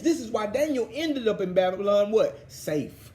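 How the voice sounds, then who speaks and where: Fervent, animated man teaching scripture. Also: very high-pitched, a little fast, hardly any pauses, a little hiss or hum. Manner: excited, fervent, preachy. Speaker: Bible teacher.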